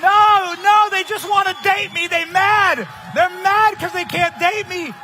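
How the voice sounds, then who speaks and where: A young man giving a loud, emphatic political rally speech at a conference. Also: very high voice, measured pace, crowd noise, noisy background. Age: young adult. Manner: loud, shouting, emphatic delivery. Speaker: conference speaker. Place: conference stage.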